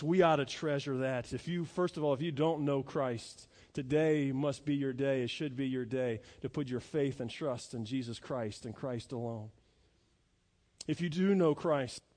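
A man preaches to his congregation in a somewhat high voice, leaning hard on key words and then dropping to quiet, folksy asides. His sermon rings with the long reverb of a church hall. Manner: earnest, swinging between loud emphasis and quiet asides; folksy, addresses the congregation directly. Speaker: pastor.

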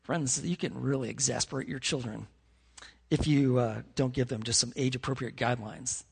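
A man's voice: mid-range voice, fairly even intonation, moderate pace, gravelly, breathy edge, in a large hall. A man preaching a sermon as pastor, earnest and conversational, with frequent restarts and fillers. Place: church sanctuary.

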